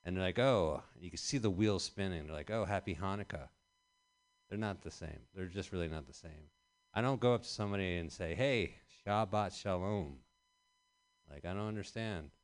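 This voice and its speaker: A man in his thirties performing a rambling stand-up set with deadpan delivery in a small venue. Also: low voice, fast. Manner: rambling deadpan delivery with bursts of loud emphasis. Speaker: stand-up comedian. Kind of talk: stand-up set at an open mic.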